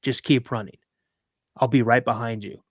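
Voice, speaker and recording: A man's voice: mid-range voice, fairly even intonation, normal speed, no echo, clean studio sound, pitched below the performer's own voice, lightly acted. A man quoting his stern veteran father barking urgent commands during a live podcast story.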